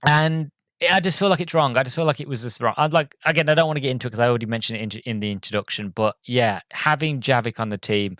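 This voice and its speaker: A man's voice: medium pitch, fast talker, a bit bright, no room sound, clean studio sound. A man hosting a podcast, reviewing a game in a casual, rambling way full of ums and restarts, an enthusiastic fan. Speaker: podcast host.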